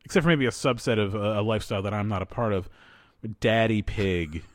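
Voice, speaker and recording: A man's voice: fairly low pitch, rapid-fire, no room sound, clean studio sound. An American man co-hosting a podcast in casual chat, joking and profane, laughing often. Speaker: podcast co-host.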